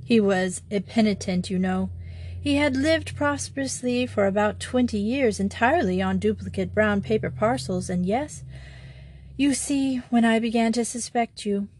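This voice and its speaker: A woman's voice: mid-range voice, normal speed, a little hiss or hum, lightly acted. Father Brown, a woman reading a meek little priest. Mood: gentle. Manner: gentle, simple, apologetic. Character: meek little male country priest, apologetic.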